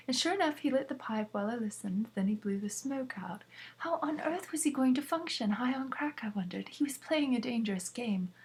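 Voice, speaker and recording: A woman's voice: on the high side, a little fast, a little mellow, slightly rough. Woman, casual book reading, unpolished, self-corrections, chatty asides. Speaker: reader.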